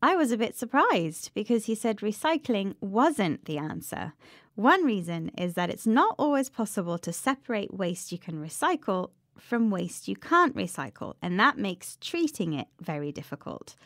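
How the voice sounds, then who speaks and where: A woman co-hosts a scripted English lesson, chatty and clear as she explains words. Her pitch moves a lot, and she is recorded close and dry. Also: big pitch swings, moderate pace, a bit bright, no echo. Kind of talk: scripted radio lesson chat.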